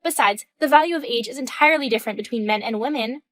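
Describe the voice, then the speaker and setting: A woman's voice: on the high side, quick pace, a bit bright, a little hiss or hum, lightly acted. A woman voicing a firm, indignant wife. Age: 30s. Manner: firm, questioning, cold. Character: composed wife in her mid-thirties, indignant. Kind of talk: reading a text-message story.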